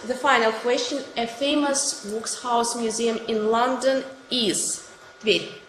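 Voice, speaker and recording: Brief: Russian-accented woman teacher, higher voice, encouraging with praise, echoey room with faint hiss. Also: steady tone, takes it slowly, fairly bright tone. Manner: encouraging, thanks and praises each answer. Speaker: English teacher. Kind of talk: online class quizzing students.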